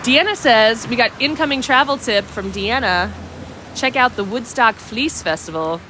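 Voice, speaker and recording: Her voice is on the high side with lively intonation, moving at a moderate pace, bright and forceful, with a little hiss or hum in the recording. A bubbly woman hosts a walking-tour livestream on a village street outdoors, chatting with comments while slightly sniffly from a cold.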